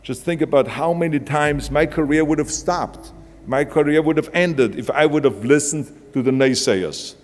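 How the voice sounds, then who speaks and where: A man's voice: a little high, moderate pace, slight background noise. Emphatic Austrian-accented man giving a motivational speech. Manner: emphatic, punchy. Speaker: motivational speaker. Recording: long hall reverb with music.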